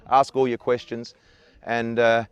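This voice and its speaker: A man's voice: mid-range voice, monotone, measured pace, clean tone, no echo. A man in his forties with a broad Australian accent, talking easily outdoors as a tour guide, full of fillers, restarts and little jokes. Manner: easygoing, chatty, many "uh" fillers and self-restarts, jokey. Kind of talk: outdoor tour chat to camera. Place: outdoors on coastal rocks.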